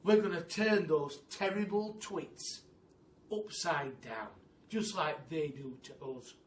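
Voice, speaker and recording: A man's voice: fairly high pitch, takes it slowly, a little hiss or hum. A man doing a determined father monkey. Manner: calming, determined. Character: calm, clever father monkey, Mugglewump. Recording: echoey room, mic at a distance.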